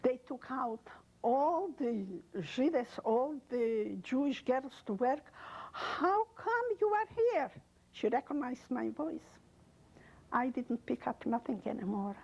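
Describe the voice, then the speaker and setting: An older woman from Poland giving an oral history testimony, speaking in halting, emotional English with broken non-native grammar. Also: on the high side, gravelly, warm tone, slightly rough, dull audio. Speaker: interviewee.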